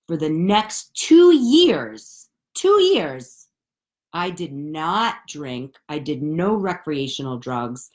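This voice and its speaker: Animated, profane woman telling her story. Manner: profane, animated, swings from low murmurs to bursts. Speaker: spiritual coach and vlogger. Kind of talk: candid personal storytelling.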